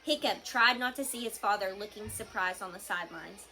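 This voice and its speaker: A woman reading a children's novel aloud to a class, with expressive storytelling. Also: mid-range voice, a little fast, soft background music.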